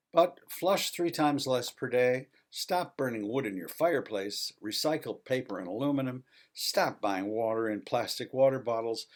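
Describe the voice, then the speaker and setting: Male author presenting his own video essay; mid-pitched, insistent, hammers each point home. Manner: emphatic, listing items with a repeated refrain. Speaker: author and psychology professor.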